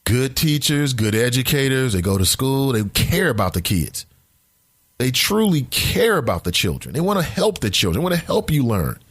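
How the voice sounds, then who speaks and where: A man hosting a casual talk radio show, speaking in an animated, emphatic, conversational way. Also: mid-range voice, moderate pace, husky, no room sound, studio quality.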